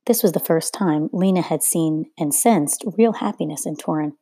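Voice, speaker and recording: Woman reading a novel, husky low voice. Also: moderate pace, no echo. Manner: steady storytelling, occasional rereading slips. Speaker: reader. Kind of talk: reading a children's novel aloud.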